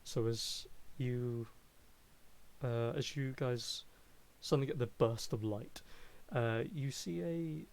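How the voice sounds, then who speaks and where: A man in the game master's seat, describing the scene piece by piece with plenty of pauses and fillers. His voice sits at an ordinary middle pitch. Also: vocal fry, a little mellow. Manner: halting, many fillers. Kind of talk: narrating a tabletop game.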